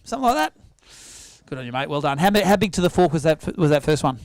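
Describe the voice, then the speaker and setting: An Australian man hosting a fishing weigh-in, bantering in an energetic, teasing way. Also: on the high side, clean tone, no room sound, clean studio sound. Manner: energetic, teasing, quick-talking. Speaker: weigh-in host. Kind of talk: live tournament emcee banter. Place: outdoor weigh-in stage at a sailing club.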